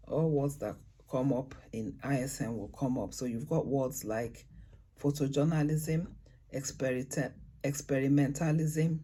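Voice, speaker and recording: A man with a husky, slightly breathy voice talks beginners through poetry rhymes. His tone is dark and mellow, and he is unhurried, stopping to hunt for words and spelling letters out one by one. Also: mid-range voice. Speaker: poetry tutor. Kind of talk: casual beginner tutorial.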